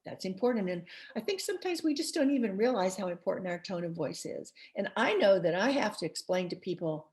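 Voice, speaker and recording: A woman's voice: mid-range voice, animated, fairly quick, few pauses, a little mellow. A woman author speaking as a podcast guest, passionate and emphatic, with light laughs between her points. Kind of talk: podcast interview.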